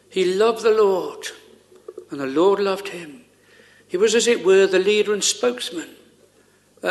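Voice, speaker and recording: Here a high-voiced man delivers a pleading, earnest sermon. Rhetorical questions and frequent pauses run all through it.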